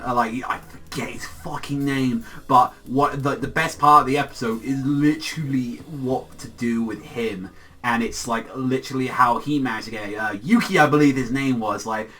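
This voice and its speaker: A man casually reviewing an anime episode, rambling excitedly with lots of swearing and constant "like" fillers. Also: medium pitch. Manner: excitable, profane, heavy use of filler "like".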